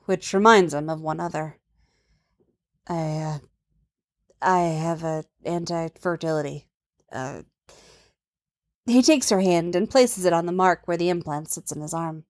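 A woman narrating a romance story in a soft, intimate, unhurried manner. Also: lowish voice.

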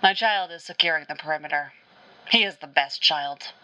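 A woman voicing a stoic, blunt male armored warrior in a fan fiction audiobook, speaking in a flat, terse way. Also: low-pitched, normal speed, low-quality recording.

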